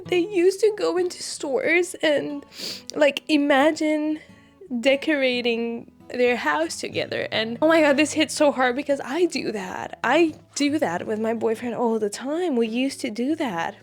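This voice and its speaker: Young woman w high voice doing a book vlog, teary and dramatic, soft music in the back. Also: unhurried. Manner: emotional, tearful, exclaiming. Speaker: book reviewer. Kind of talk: casual reading vlog, reading passages aloud.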